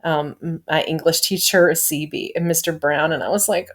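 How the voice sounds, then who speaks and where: A woman's voice: sits low, steady tone, normal speed, hardly any pauses, a bit bright. A woman in her thirties giving a rambling, gushing fan review of a TV episode, laughing and sighing as she talks.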